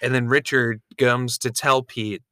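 A man's voice: medium pitch, fairly even intonation, a little slow, pushed and bright, no room sound, studio quality. A man co-hosting a podcast in casual chat, frank and crudely joking as he recaps episodes. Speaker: podcast co-host recapping a reality show.

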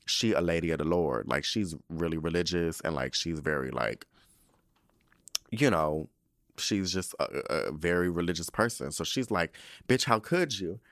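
Male podcast host, low-pitched and dry, doing animated, profane episode-recap commentary. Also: normal speed, no echo. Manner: animated, profane, slangy storytelling.

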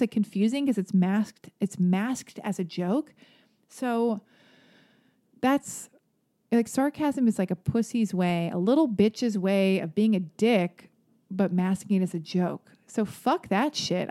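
A woman's voice: mid-range voice, unhurried, mellow. Candid, rambling woman podcast host. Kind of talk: casual solo podcast, reading listener emails. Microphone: mic on a stand.

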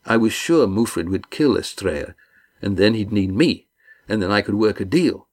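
A man's voice: on the low side, lively intonation, normal speed, darkish tone. A man reading the part of a scheming young sailor, now beaten, speaking in a pleading, miserable way. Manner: whiny, pleading.

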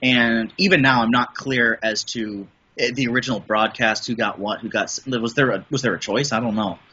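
A middle-aged man from the Midwest with a bright but husky voice. He rambles enthusiastically through a casual interview, often restarting his sentences. The podcast audio sounds dull and lo-fi. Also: mid-range voice, fairly even intonation, moderate pace. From American Midwest. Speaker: podcast guest, voice and audio producer.

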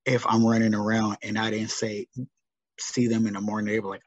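A man, a teacher and podcast guest, telling stories in a casual, animated way and acting out his students' lines. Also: lowish voice, a little fast, no echo. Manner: animated, acts out students' lines, many fillers. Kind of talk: casual storytelling conversation. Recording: muffled dry podcast audio.

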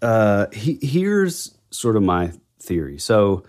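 Low-voiced man telling a ghost story. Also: big pitch swings, takes it slowly, a little mellow. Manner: rambling, self-correcting storyteller. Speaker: podcast co-host. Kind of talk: casual chat about a ghost legend.

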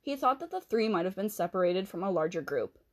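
A woman with a mid-range, animated voice, talking a little fast, hosts a podcast and narrates history casually. She adds chatty asides and corrects herself as she goes, speaking into a handheld mic she has to hold still.

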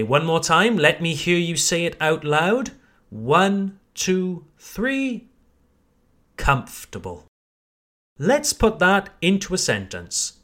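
A man with a British accent teaching English pronunciation on a podcast, encouraging and repeating each word slowly for learners. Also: a little high, fairly bright tone. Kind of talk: podcast lesson.

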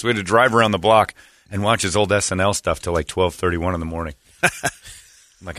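Telling a story on his radio show, this host speaks casually and brings the characters to life by performing their voices. He has a deep voice and a brisk delivery with long pauses, recorded without echo.

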